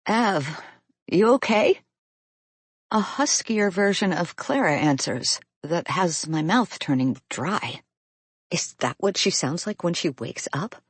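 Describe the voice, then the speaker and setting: A woman reading a first-person audiobook in an intimate, expressive storytelling manner. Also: on the low side, measured pace, slightly rough, no room sound. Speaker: audiobook narrator.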